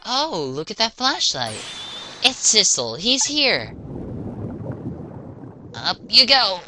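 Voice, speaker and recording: A woman's voice: medium pitch, big pitch swings, slow, voice pushed up. A woman voicing an earnest, brave young woman detective in a video game let's play. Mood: determined. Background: game music.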